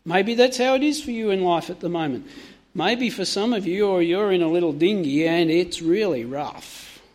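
Male preacher, higher register, sermon delivery, peppers the congregation with direct questions. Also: normal speed, darkish tone.

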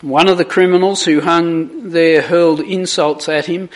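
Slow, deliberate preacher with a raised voice. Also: male voice, on the high side, steady tone. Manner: slow, deliberate, dramatic emphasis on quoted lines. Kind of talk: sermon with scripture reading.

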